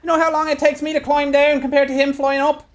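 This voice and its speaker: A man voicing an excitable sailor up in a ship's crow's nest, who pesters and taunts the people below. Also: very high-pitched, a little fast, voice pushed up. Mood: pestering.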